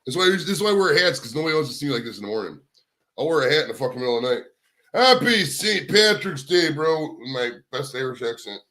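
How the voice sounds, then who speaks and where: Young male stream host, rambling and profane, chatting casually to viewers from home, bright forceful tone. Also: a little high, big pitch swings, quick pace. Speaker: livestream host. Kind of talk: casual livestream chat. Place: home, indoors.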